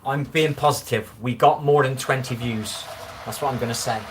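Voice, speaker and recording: An Englishman in his forties with a strong West Country accent hosts a casual livestream from a room at home, rambling as he answers viewers' comments. His voice is mid-range with fairly even intonation at normal speed, over slight background noise.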